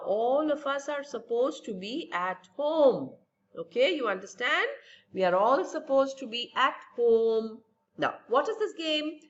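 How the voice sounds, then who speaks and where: A woman teacher talks young children through a science lesson, slow and patient, her fairly high voice rising and falling a lot as she asks and answers her own questions. The recording sounds dull and lo-fi. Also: fairly bright tone.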